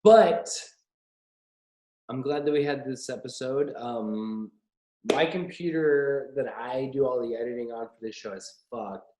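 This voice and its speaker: A man's voice: mid-range voice, measured pace, warm tone. A man hosting a casual late-night chat show, joking and rambling in a self-mocking way. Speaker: host. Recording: roomy echo.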